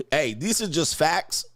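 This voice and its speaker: A man's voice: fairly high pitch, very animated, slow pace, a bit bright, no echo, studio quality. A man hosting a casual commentary show, talking bluntly and profanely and acting out quotes in other voices. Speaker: relationship commentator and host. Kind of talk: casual commentary reacting to clips.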